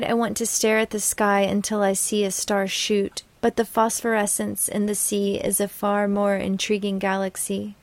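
A woman's voice: medium pitch, dry recording. A woman reading her own sailing memoir aloud in a dreamy, poetic manner. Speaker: narrator.

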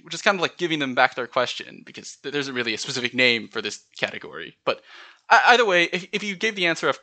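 A man's voice: mid-range voice, expressive, quick pace, bright, forceful tone, no room sound. A man with a General American accent hosting a solo podcast, chatting through word lists and spelling words out letter by letter. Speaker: podcast host.

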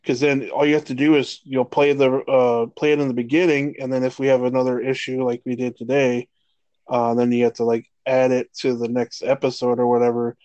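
A man in his thirties co-hosting a laid-back sports podcast, cursing freely as he rants. His voice sits at an ordinary pitch and the recording is dry and close, with no room sound. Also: a little fast, dry recording, dull audio. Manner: profane, animated rants. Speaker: podcast co-host. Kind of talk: casual sports chat.

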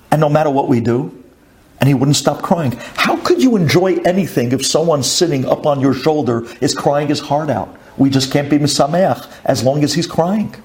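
A man's voice: medium pitch, a little mellow, lightly acted. A man speaking as solemn, troubled rabbis.

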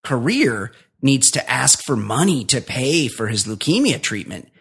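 A man's voice: mid-range voice, sing-song, measured pace, creaky, fairly bright tone, husky. A man co-hosting a podcast, ranting bluntly and swearing through casual chat. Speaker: podcast co-host.

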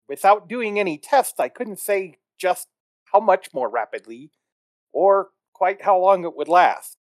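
A woman's voice: lowish voice, a little mellow, dry recording. A woman voicing a reptilian male ship engineer who theorizes in careful, long-winded sentences.

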